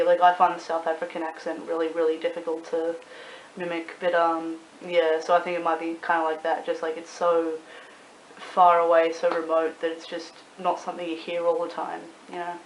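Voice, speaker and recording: A young woman with an Australian accent, rambling casually to camera in a vlog, swearing freely and filling pauses with ums and likes. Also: fairly low pitch. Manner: chatty, swears freely, rambling with many fillers. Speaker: YouTuber and club promoter. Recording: echoey room with faint hiss.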